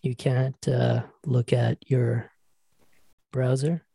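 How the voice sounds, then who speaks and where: A man chats on a podcast with his co-host over a video call, his voice a little husky and recorded dry, with no room around it. He keeps things playful, laughs easily and jokes about slipping into a smooth, buttery tone. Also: medium pitch, little pitch movement, drawn-out words, warm tone, no echo. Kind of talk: casual chat. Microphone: computer mic over a video call.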